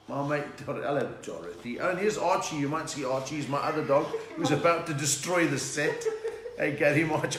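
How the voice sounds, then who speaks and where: Middle-aged man, jokey live-stream host, slightly high voice, roomy echo and faint hiss. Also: moderate pace, fairly bright tone. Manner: chatty, reads out viewer names and greetings, jokey. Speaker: comedian hosting a live stream. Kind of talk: casual live-stream chat. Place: room at home.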